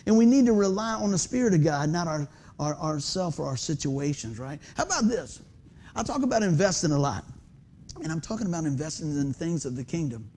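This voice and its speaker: His voice is on the high side and his delivery a little fast as this man in his fifties preaches a conversational sermon. Animated and self-mocking, he quizzes the congregation from a church sanctuary lit by stage lights.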